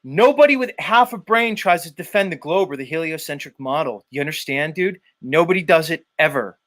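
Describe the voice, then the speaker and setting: A man's voice: fairly high pitch, animated, a little fast, a bit bright. A man hosting a live stream, ranting and taunting a rival with profanity. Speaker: livestream host. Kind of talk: ranting commentary.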